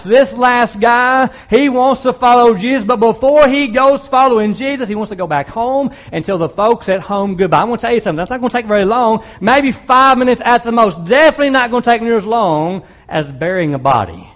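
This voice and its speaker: A man's voice: high-pitched, expressive, fairly quick, few pauses, a bit bright, dull audio. A man preaching a sermon in a conversational way, asking his listeners direct questions and dropping in wry asides.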